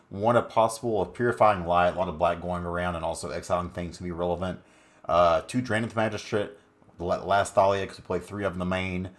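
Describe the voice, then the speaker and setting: A man hosting his own channel, giving casual, laid-back commentary on a card game deck with frequent fillers. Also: sits low.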